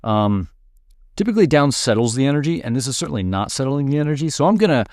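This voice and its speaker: A man's voice: medium pitch, very animated, fast, darkish tone, dry recording. Man explaining music production, dry sound. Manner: casual explaining, thinks aloud with "right?" and "all right". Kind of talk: screen-share tutorial walkthrough.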